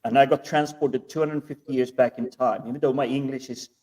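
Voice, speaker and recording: A man's voice: medium pitch, fairly even intonation, a little fast, a little mellow, distant mic, rough recording. A man talking hesitantly with many fillers during a casual panel chat.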